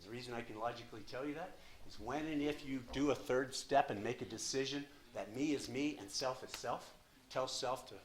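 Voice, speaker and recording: Older man, 60s, emphatic recovery share, mid pitch, hushed to loud, profane. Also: fairly quick, crowd noise. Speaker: speaker at a recovery meeting.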